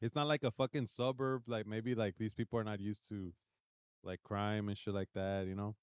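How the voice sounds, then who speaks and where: A man's voice: on the low side, flat delivery, normal speed, smooth, dry recording, lo-fi sound. A young man from South Central Los Angeles, hosting a casual podcast chat, swearing often and switching between English and Spanish. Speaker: podcast host.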